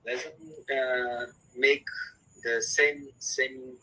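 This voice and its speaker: A man speaking as a psychologist guest on a live chat, talking in halting English with many repeats and restarts. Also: medium pitch, steady tone, sharp tone, slightly rough, rough recording.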